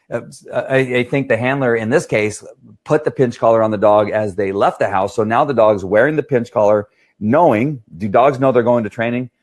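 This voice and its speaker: A man, a dog trainer, talks loosely and at length in a lowish voice. He wanders through his points, repeats himself and keeps checking in with "right?". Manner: rambling, repeats "right?" often. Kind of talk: casual explanatory talk.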